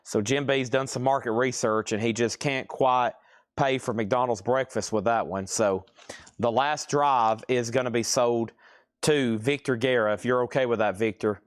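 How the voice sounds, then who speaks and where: A man's voice: medium pitch, fairly even intonation, normal speed, smooth, no room sound, clean studio sound. A man with a Southern US accent, hosting a live record sale, drawing out his words and reading titles and prices in a chatty way. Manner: drawls out words.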